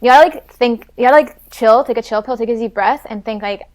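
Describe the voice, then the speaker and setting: Fast-talking chatty young woman. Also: on the high side. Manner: fast and chatty, fills talk with "like". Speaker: podcast guest, Pilates instructor. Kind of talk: casual chat.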